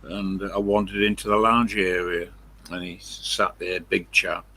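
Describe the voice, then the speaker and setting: An older man, rambling through a story on his live stream, full of pauses and fillers. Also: low-pitched, little pitch movement, bright, forceful tone.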